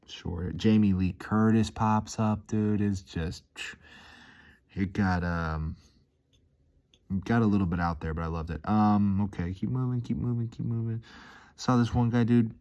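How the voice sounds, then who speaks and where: A man's voice: fairly low pitch, steady tone, measured pace, dark tone, dull audio. A man rambling casually in a vlog, upbeat and easily hyped, dropping "dude" and "man" into almost every line. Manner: laid-back, peppers talk with "dude" and "man". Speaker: vlogger.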